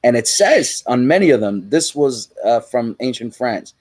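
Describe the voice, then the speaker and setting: A man's voice: mid-range voice, big pitch swings, normal speed, darkish tone, dry recording, poor audio. An American man hosting an interview, enthusiastic, with stammering restarts. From United States. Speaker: interview host. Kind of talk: conversational interview.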